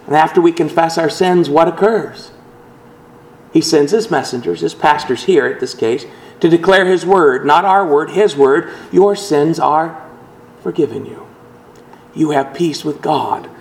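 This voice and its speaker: A man's voice: a little high, normal speed, low-quality recording. Man preaching an earnest sermon. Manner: earnest preaching with dramatic quotations. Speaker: pastor.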